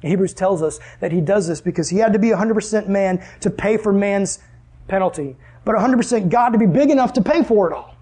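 A man preaching a sermon in a conversational way, asking the room questions and dropping to hushed tones for emphasis. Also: high-pitched, fairly quick, husky.

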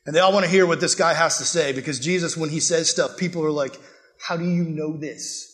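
Young male youth pastor, casual and animated sermon, fairly high voice. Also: quick pace. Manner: casual, animated youth preaching with acted-out quotes.

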